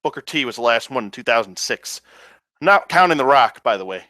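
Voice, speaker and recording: A man's voice: medium pitch, expressive, fairly quick, bright, forceful tone, dry recording. A man ranting in a casual review, profane, sarcastic and exasperated. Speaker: wrestling reviewer.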